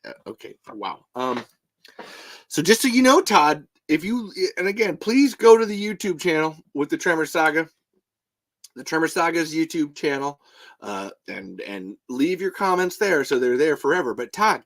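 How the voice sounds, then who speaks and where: A lively man chats casually on a livestream and reads out viewer comments. His pitch swings widely, and his tone stays bright and forceful. He breaks off now and then into shouted movie quotes. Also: normal speed, poor audio. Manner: animated, bursts into shouted movie-line impressions. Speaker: show guest and regular.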